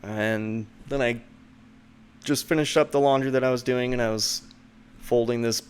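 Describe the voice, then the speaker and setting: A man hosting his own show, telling a rambling personal story full of "like" and "and then," putting on a higher voice to mock what others said. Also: steady tone, moderate pace, smooth. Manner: mocks the friend's lines in a higher voice. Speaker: show host. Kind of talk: casual storytelling.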